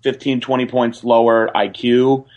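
A young man telling a story on a podcast in a rambling, excited way, full of fillers and restarts. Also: mid-range voice, a little slow. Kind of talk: casual storytelling.

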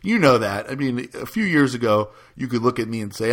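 A man's voice: mid-range voice, expressive, fast talker, hardly any pauses. A man chatting casually as a podcast host, telling a rambling story with many restarts and frequent laughs. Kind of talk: casual chat.

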